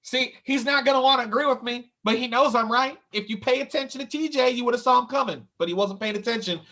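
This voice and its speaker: A man's voice: extremely high pitch, quick pace, bright, forceful tone. A man co-hosting a casual wrestling chat show, joking with his co-hosts and reading out match results. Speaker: podcast co-host.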